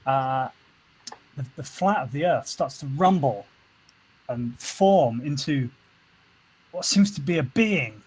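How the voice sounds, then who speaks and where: A man's voice: a little high, animated, slow pace, long pauses, darkish tone, slightly rough, poor audio. A man narrating a tabletop game as game master, with many fillers and restarts. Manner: hesitant, full of fillers and restarts.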